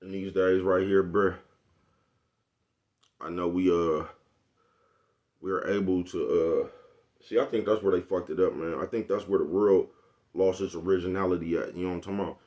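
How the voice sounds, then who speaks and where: Brief: streetwise Oakland man vlogging to his camera, low voice, rambling, profane. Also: fairly even intonation, moderate pace, pauses often, highs cut off. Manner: streetwise, profane, rambling, constantly asks "you know what I'm talking about?". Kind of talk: casual monologue to camera.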